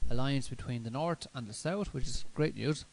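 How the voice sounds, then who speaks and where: A man hosting a radio show, talking in a relaxed, rambling way with many fillers. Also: mid-range voice, normal speed, vocal fry, rough recording. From Ireland. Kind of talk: casual chat.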